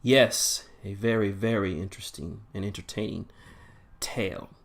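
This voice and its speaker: A man voicing a calm, probing male starship captain who speaks in a measured, even way. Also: fairly low pitch.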